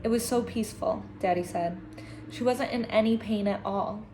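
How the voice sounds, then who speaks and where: A teacher reading a children's novel aloud to her class, gentle and expressive, with emotional asides. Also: mid-range voice, moderate pace, a little hiss or hum.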